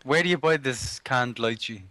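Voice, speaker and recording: A man's voice: medium pitch, moderate pace, pushed and bright, no room sound. A young man with an Irish accent co-casting a video game match, telling stories and bantering with plenty of swearing. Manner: storytelling, profane, laughing banter. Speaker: esports co-caster. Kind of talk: casual game commentary.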